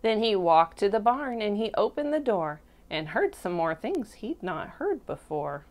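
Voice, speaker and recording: A woman teacher reading a picture book to toddlers, slow and expressive, stopping to ask the children questions. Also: mid-range voice. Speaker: preschool teacher. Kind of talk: storybook read-aloud for toddlers.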